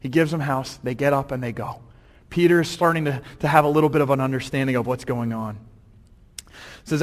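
A man preaching a sermon as a pastor, animated and acting out the scenes in different voices. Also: mid-range voice, fairly quick. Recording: long hall reverb, church.

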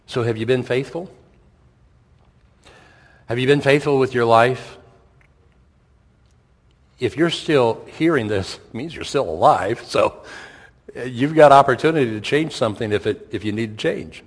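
A middle-aged pastor preaches at a middling pitch, chatty and plainspoken, stacking rhetorical questions and circling back to repeat himself. His voice carries through a church sanctuary with a long hall reverb. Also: lively intonation, measured pace, pauses often. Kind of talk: sermon.

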